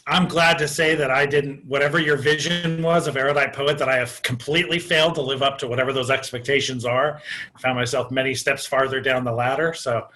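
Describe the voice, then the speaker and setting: A man's voice: mid-range voice, steady tone, brisk, sharp tone, low-quality recording. A middle-aged man, a guest on a podcast, talking in a wry, self-deprecating way from home. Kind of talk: casual chat. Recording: home recording with hot mic and noise.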